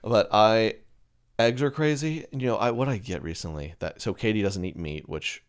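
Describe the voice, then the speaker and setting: A man's voice: fairly low pitch, normal speed, smooth. A man chatting casually as a podcast co-host, rambling and joking with lots of restarts. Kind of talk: casual chat.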